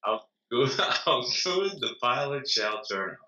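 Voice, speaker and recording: Joking man in his thirties, bright voice. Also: medium pitch, sing-song, slow pace. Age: 30s. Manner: joking, self-deprecating. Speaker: co-host. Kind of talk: casual chat. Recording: echoey, dull lo-fi room sound.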